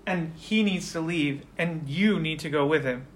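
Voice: mid-range voice, measured pace, a little hiss or hum, close to an everyday voice. A game master voicing a foul-mouthed, angry young woman who snaps and swears at the people around her. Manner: sharp, swearing.

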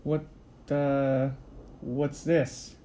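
A man's voice: mid-range voice, little pitch movement, drawn-out words, warm tone, slight background noise. A man voicing a cocky young male gang member who talks in a laid-back, slangy way. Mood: casual.

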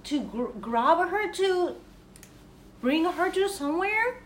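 A woman's voice: very high voice, animated, takes it slowly, slight background noise. A woman playing a tabletop game, who talks hesitantly, stammers, and uses non-native English grammar. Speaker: player.

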